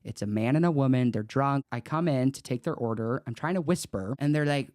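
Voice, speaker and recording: A young man co-hosting a podcast, telling crude, animated stories in casual chat with a lot of swearing. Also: mid-range voice, brisk, few pauses. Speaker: podcast co-host.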